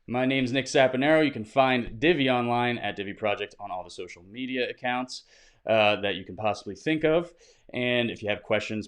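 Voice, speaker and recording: Low-voiced man hosting a casual livestream. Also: smooth. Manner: conversational, reads out viewer questions and answers off the cuff with fillers; upbeat greeting viewers by name. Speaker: host of a weekly crypto livestream.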